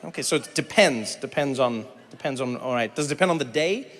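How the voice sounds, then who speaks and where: A middle-aged man from South Africa doing animated stand-up comedy with crowd work, acting out voices as he tells stories. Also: mid-range voice, fairly quick, a little hiss or hum. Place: large theater stage. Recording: reverberant hall with faint ambience.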